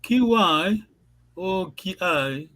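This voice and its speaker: A man with a high voice leads a language lesson over a video call. He speaks patiently and haltingly, repeats himself and laughs often. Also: expressive, pushed and bright, poor audio. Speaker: language teacher. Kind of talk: online language class.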